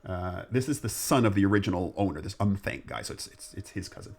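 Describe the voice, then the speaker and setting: A man's voice: low-pitched, lively intonation, fast, gravelly, darkish tone, soft background music. A man hosting a podcast, telling a ghost story in a rambling, jokey way. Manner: rambling, jokey, restarts often. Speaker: podcast host. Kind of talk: casual storytelling chat.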